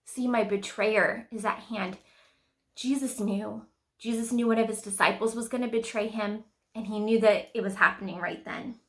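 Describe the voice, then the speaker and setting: A woman's voice: mid-range voice, fairly even intonation, normal speed, fairly bright tone. A woman leading a children's Bible devotion in a casual, chatty way, reading verses and asking the kids questions. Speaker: children's ministry leader. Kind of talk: kids' devotional teaching.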